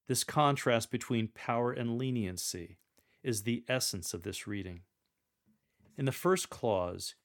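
Guiding a lector through the reading of scripture, this medium-pitched male voice stays deliberate and teacherly. He also acts out example readings himself.

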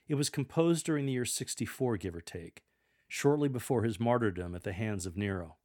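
A man giving measured, earnest instruction on how to read scripture aloud to a congregation. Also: medium pitch, expressive, darkish tone. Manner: measured, earnest, with demonstrated readings. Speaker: lector coach.

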